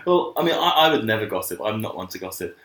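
A low-voiced man chatting casually, his pitch swinging up and down in a lively way. He agrees readily and laughs easily, and his voice echoes around a roomy space. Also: fast. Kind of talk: casual chat. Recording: roomy echo.

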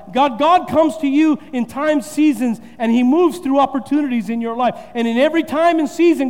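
A man pastor delivers a sermon in a high, ringing voice. He drives points home by repeating phrases and building emphasis. The sound carries the long reverb of a church hall. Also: a little mellow. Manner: preaching with rising emphasis and repetition.

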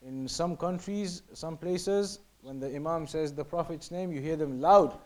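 At a moderate pace with few pauses, this man teaches Islamic law in a slightly high, darkish voice, reading texts and explaining them in English. He returns to his points often, sometimes quieting to a near-whisper to demonstrate how something is said.

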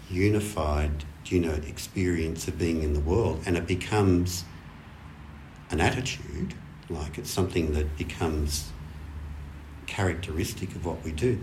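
A man with a deep, low voice gives a Zen dharma talk to a group. He speaks in an easy, unhurried way, building loose lists of qualities and often checking in with his listeners. A faint hiss sits under the recording. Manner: relaxed, thinking aloud in lists, often checking in with "right?". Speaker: Zen teacher.

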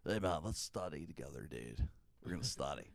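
A man voicing a laid-back stoner college guy who is always high, drawling lazily. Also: sing-song, fairly quick, gravelly, no echo, studio quality, full character voice.

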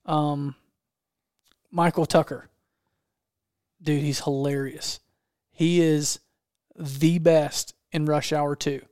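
Enthusiastic rambling man, clear dry voice. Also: fairly high pitch, level tone, slow pace, pauses often, a little mellow, no echo. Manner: rambling, enthusiastic, restarts often. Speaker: podcast host. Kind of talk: casual chat.

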